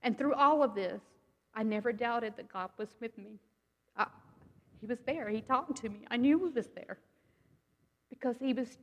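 A woman's voice: a little high, long reverb tail. A woman giving a personal testimony to a congregation, speaking in an earnest, conversational way and often checking in with her listeners.

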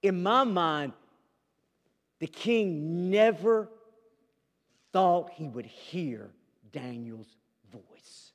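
A male pastor with a notably high voice preaches a sermon, telling the story with dramatic swings from loud proclamations to hushed asides. His voice rings out with a long reverb, as if recorded in a big church hall. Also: lively intonation, drawn-out words, pauses often.

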